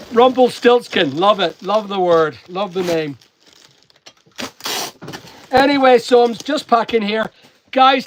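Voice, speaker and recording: A man's voice: high-pitched, no echo. A man from Northern Ireland with a half English, half Northern Irish accent, chatting casually and motivationally while packing orders. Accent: mixed English and Northern Irish. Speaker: online seller and vlogger.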